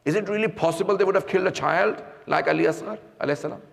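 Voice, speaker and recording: Gravelly preacher in a reverberant hall. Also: male voice, high-pitched, rapid-fire. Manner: storytelling, rhetorical questions to the audience. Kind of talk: majlis sermon.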